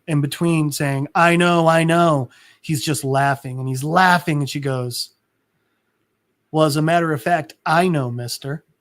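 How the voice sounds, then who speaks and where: A man co-hosting a podcast, casually recapping a comic and acting out the characters' lines in an animated way. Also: on the high side. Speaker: podcast co-host.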